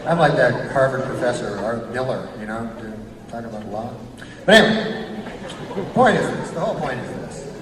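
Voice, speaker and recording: A man doing a rambling stand-up set, deadpan, with filler phrases. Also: medium pitch, normal speed, background noise. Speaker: stand-up comedian. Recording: echoey club from far off with loud crowd. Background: audience laughter.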